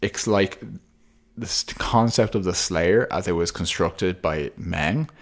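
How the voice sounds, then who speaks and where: A man with a very deep voice co-hosts a podcast in a casual but analytical way. He talks at length and loops back over his own half-finished phrases as he thinks aloud. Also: takes it slowly. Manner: talkative, thoughtful, many restarts. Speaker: podcast co-host.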